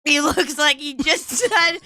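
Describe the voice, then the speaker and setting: A woman's voice: high-pitched, slow pace, pushed and bright, dry recording. A woman co-hosting a comedy podcast, giggling and slipping into goofy impressions as she chats. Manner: giggly, doing goofy impressions between laughs. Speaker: podcast co-host.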